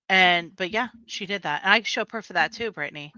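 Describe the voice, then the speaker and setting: A woman's voice: on the low side, fairly quick, bright, forceful tone, dry recording. Weary woman on dull lo-fi audio. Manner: weary, pointed, addresses absent person. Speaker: co-host guest. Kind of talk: casual commentary chat.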